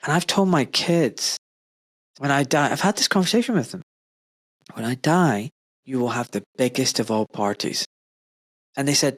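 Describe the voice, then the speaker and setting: Animated man in casual podcast talk. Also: medium pitch, normal speed, long pauses, no room sound. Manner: animated, rising emphatic questions. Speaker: podcast host; doctor. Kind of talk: casual conversation.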